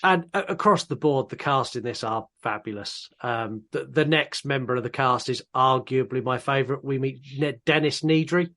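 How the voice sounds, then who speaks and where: A man co-hosting a podcast, chatting casually about a film and retelling scenes in an animated way. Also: medium pitch. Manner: animated retelling, slips into quick mimicked voices. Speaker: podcast co-host. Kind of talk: casual film review chat.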